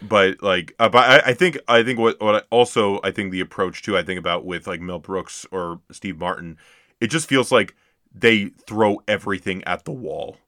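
Male podcast co-host with a low voice, animated and excitable delivery, dry and close. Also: normal speed, no room sound. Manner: excitable, laughs often, trails off. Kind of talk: casual chat.

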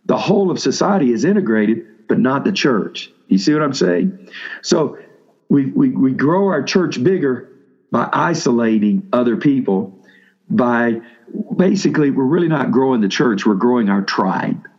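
With a medium-pitched, darkish, husky voice, a man preaches expressively to seminary students at normal speed. This pastor talks casually, restarting frequently and asking the room questions, and the audio is dull.

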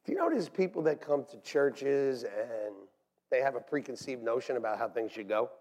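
A man preaching a sermon as pastor in a church, animated and swinging between hushed asides and shouts. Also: medium pitch, moderate pace. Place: church sanctuary. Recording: long hall reverb.

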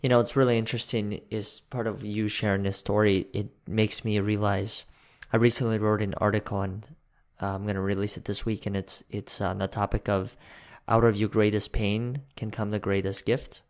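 Reflective man host, lowish voice. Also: little pitch movement. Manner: reflective, measured, asks long questions. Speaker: podcast host. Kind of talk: reflective interview questions.

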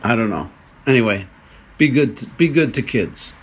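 A man's voice: medium pitch, animated, moderate pace, husky. A man hosting a podcast, rambling through jokey rants in a casual comedic monologue. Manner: rambling, jokey ranting asides. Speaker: podcast host.

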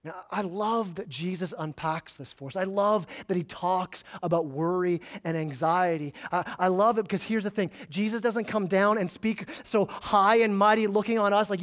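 Male pastor, higher pitched, conversational sermon delivery with stammered repeats for emphasis. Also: normal speed, few pauses, fairly bright tone.

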